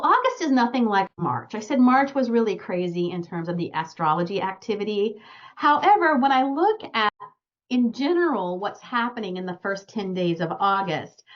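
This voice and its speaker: A woman presents a recorded webinar as an astrologer, speaking earnestly and directly to her listeners. Her voice sits in a middle pitch for a woman. The audio is a little dull and muffled. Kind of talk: webinar talk.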